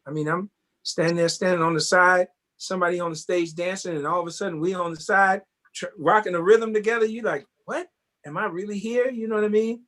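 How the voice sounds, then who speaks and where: A man, a tap dancer and guest, telling casual stories in an animated way and often asking "you know what I mean?". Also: sits high, fast talker. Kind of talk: casual interview storytelling.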